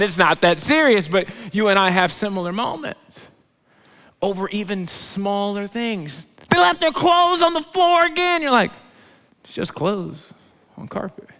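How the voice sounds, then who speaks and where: A man preaching a sermon, animated, swinging between loud emphatic lines and quiet low asides. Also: clean tone. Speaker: pastor. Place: large church auditorium. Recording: long hall reverb.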